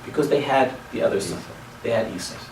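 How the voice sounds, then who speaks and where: A male rabbi teaching a class as animated storytelling. He swings between loud exclamations and hushed asides and drops in Hebrew and Yiddish words. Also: medium pitch, quick pace. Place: synagogue classroom. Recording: echoey room, distant mic, faint noise.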